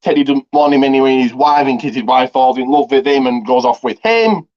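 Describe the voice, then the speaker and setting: A man's voice: medium pitch, a little fast, a little mellow. A man casually retelling a movie's plot for a review, rambling with lots of ums and restarts. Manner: rambling, heavy on fillers and restarts. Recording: slightly dull lo-fi audio.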